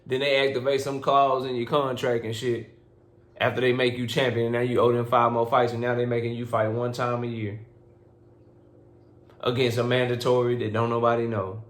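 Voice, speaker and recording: A man delivers a casual boxing rant in a blunt, profane way, lecturing his listeners to wise up. His voice sits at a mid pitch and carries a noticeable echo from the room around him. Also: level tone, moderate pace. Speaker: boxing commentary vlogger. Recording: roomy echo.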